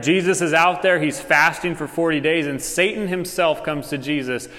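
A man preaches in a relaxed, chatty way, full of fillers and quick asides. His voice sits a bit high for a man. The sound carries a long echo from a church hall. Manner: casual, conversational preaching with many fillers. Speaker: pastor. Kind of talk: sermon.

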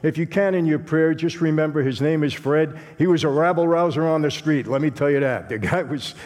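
A man's voice: on the high side, brisk, darkish tone. Brooklyn man preaching in a reverberant hall. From Brooklyn, New York. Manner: streetwise, conversational, acts out dialogue. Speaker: guest speaker. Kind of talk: testimony sermon.

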